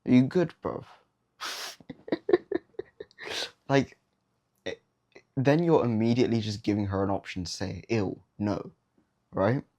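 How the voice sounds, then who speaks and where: Blunt low-voiced young man giving advice. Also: expressive, unhurried, long pauses, dark tone. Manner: blunt and slangy, mocks the habits he warns against. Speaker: dating advice creator. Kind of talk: casual advice monologue to camera.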